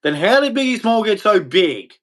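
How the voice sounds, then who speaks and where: A man's voice: high voice, very animated, normal speed, fairly bright tone. A middle-aged man, hosting and ranting bluntly, mocking others and acting out their voices. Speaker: host. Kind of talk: opinionated rant.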